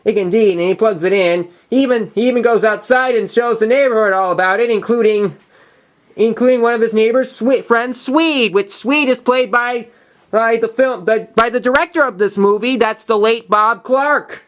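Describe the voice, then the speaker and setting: A young man hosting his own movie review, retelling a plot in a casual, halting way full of restarts and false starts. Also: extremely high pitch, fairly bright tone.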